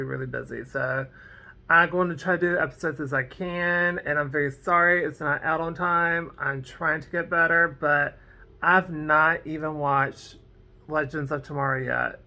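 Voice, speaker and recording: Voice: medium pitch, vocal fry, bright, forceful tone. A vlogger casually recapping a TV episode, rambling off on tangents with lots of "like" and "um". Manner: fillers like "like" and "um". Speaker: TV episode reviewer.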